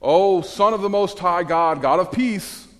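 A man playing a whiny, high-voiced demon, overdone and pleading, echoey hall. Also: a little slow. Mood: whiny, panicked. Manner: pleading then boastful, exaggerated. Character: whining, cowering demon, male, full of bluster.

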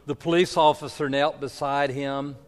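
A man preaching a sermon, telling stories dramatically, swinging from loud declarations to soft asides. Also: mid-range voice, level tone, moderate pace. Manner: dramatic storytelling with wide swings in loudness. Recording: long hall reverb.

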